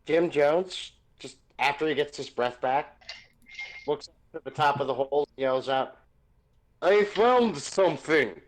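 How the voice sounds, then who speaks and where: A man's voice: mid-range voice, fairly even intonation, moderate pace, low-quality recording. A man playing a tabletop game in casual chat, joking playfully in character. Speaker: player.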